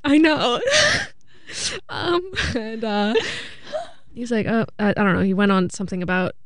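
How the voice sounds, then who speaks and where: A woman's voice: medium pitch, measured pace, no echo. A young woman chats casually on a podcast. Her voice sits in a middle range and reaches a close microphone dry, with almost no room sound. She tells her story animatedly and acts out other people's lines. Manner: animated storytelling, acting out quotes. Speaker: podcast co-host. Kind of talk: casual chat.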